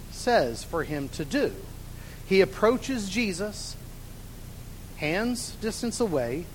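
Leading a Bible study class, a male Bible teacher with a high voice and a drawl poses questions, pauses, and then supplies the answers himself. The recording carries long hall reverb above a faint low rumble.

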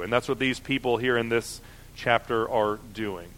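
This preacher has a mid-range, fairly bright voice and talks at normal speed. His sermon is conversational, with lots of fillers and mock voices for objectors.

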